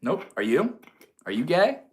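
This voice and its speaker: A man's voice: fairly high pitch, wildly swooping pitch, unhurried, darkish tone. A young man from Maine hosting a casual livestream, chatting in a slangy, laid-back way and answering viewers. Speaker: livestream host.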